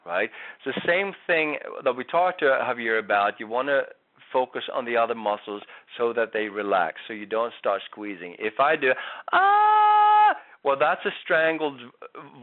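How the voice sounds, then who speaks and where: A man working as a vocal coach, explaining feedback on a student's singing with patient restarts and frequent "right?" checks. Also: mid-range voice. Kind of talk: giving singing feedback on a recording. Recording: tinny phone-like sound.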